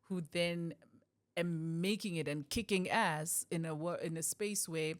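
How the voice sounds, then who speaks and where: Middle-aged South African woman, comedian guest; expressive, laughs often, slips into voices. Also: lowish voice, a little slow. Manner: animated, laughs often, switches voices for quotes. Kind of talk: podcast interview.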